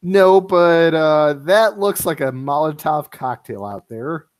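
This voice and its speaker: A man narrating a tabletop game as game master, halting with many fillers. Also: on the high side.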